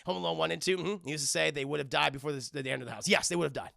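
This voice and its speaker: A young man chatting to his stream audience as he retells a film's scenes, animated and profane, bursting into silly voices. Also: on the high side, racing, vocal fry, no room sound, studio quality. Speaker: streamer reviewing a film. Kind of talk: casual chat to a livestream audience.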